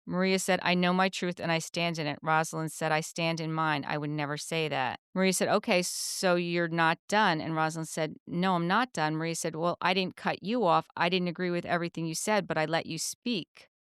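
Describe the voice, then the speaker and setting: Smooth-voiced woman recapping a reality show. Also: lowish voice, dry recording, studio quality. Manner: animated storyteller, acts out quotes. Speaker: podcast co-host. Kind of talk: casual recap chat.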